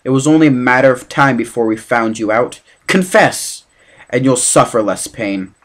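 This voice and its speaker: A man's voice: medium pitch, animated, normal speed, lightly acted. A man reading aloud, voicing a threatening female teacher who turns out to be a monster, in a cold, menacing tone.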